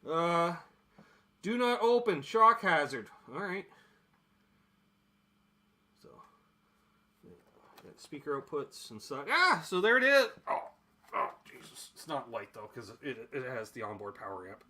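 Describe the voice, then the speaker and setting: Man, from Canada, casual gear unboxing, rambling and jokey, swears, lively swinging pitch, bright forceful tone. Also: unhurried, pauses often, slight background noise. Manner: rambling, jokey, swears freely, voices quoted people. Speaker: gear vlogger.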